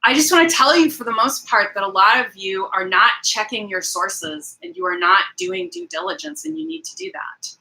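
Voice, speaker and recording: A woman's voice: a little high, very animated, normal speed, creaky, hardly any pauses, bright, forceful tone, rough recording. A woman hosting a casual livestream, talking straight to her viewers in a rambling, emphatic way and greeting people in the chat. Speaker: livestream host.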